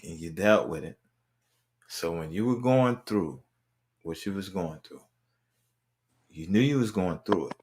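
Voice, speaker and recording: A man's voice: sits low, animated, measured pace, long pauses, darkish tone. A man hosting a podcast interview, talking casually and encouragingly, with lots of repeated phrases. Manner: encouraging, repeats affirmations like "right". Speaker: podcast host.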